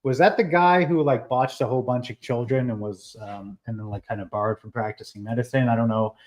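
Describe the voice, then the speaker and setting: A man hosting a casual live stream, talking in an animated way with many fillers and restarts. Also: mid-range voice, brisk, low-quality recording. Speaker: livestream host.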